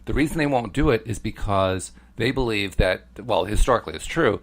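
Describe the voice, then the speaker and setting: Middle-aged male co-host, lower pitch, measured and explanatory. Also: expressive. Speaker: podcast co-host. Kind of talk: casual chat.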